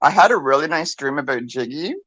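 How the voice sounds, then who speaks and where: A woman's voice: deep voice, expressive, fairly quick, fairly bright tone, dry recording. An older woman co-hosting a podcast, rambling chattily through a story with many restarts. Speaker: podcast co-host. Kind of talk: casual chat, storytelling.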